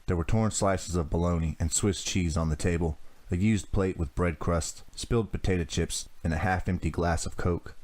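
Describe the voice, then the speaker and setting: A man reading a teen thriller aloud as an audiobook narrator. His voice sits very low, and the reading is measured and steady. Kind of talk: scripted narration.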